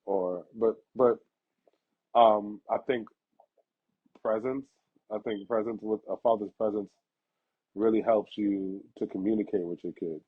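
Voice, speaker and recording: Podcast host, young man, husky, lively storyteller, muffled lo-fi sound. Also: unhurried, long pauses. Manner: animated, laughs through stories, acts out quotes in a higher voice. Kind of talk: casual storytelling chat. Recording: dull lo-fi sound.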